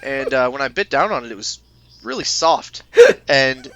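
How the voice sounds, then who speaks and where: Young man, podcast guest, animated storytelling, laughing, bright voice, lively pitch. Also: normal speed.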